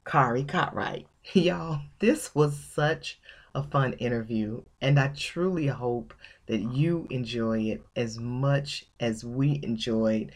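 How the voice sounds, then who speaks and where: A woman's voice: rumbling low, slow pace. A woman from Georgia, hosting her own podcast and talking casually and emphatically, often laughing. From Georgia, USA. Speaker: podcast host.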